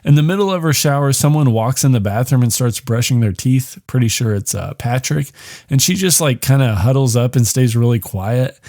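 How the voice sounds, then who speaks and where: A man recaps a film for his podcast in a loose, rambling way, full of swearing and sarcastic asides. His voice sits at an ordinary middle pitch. The sound is dry and close, with no room echo. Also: normal speed, a little mellow. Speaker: podcast host.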